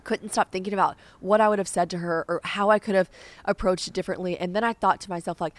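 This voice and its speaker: A young woman hosting a podcast, telling stories in a lively way and acting out the voices of others. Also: lowish voice, a little fast, dry recording. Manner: animated storytelling, acts out quoted voices. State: sinus infection. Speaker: podcast host. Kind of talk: casual podcast chat.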